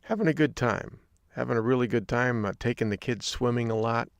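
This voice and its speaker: A man's voice: mid-range voice, fairly quick, smooth, no echo, studio quality. A man from Michigan hosting a podcast, talking in an upbeat, jokey, folksy way. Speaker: podcast host. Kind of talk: solo podcast talk.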